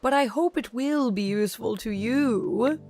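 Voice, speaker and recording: A woman's voice: fairly high pitch, a little slow, darkish tone, faint music behind. A woman voicing a kindly old game character who sounds worried and flustered, with quaint, old-fashioned phrasing. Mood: fretful.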